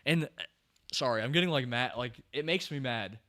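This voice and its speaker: A man hosting a podcast, chatting casually in a rambling, animated way with many fillers and restarts. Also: mid-range voice, normal speed. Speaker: podcast host.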